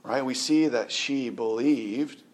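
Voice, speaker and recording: Middle-aged preacher man, chatty and animated. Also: slow pace. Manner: keeps asking "right?", restarts and repeats words; animated, jumps up in pitch for emphasis. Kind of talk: conversational sermon.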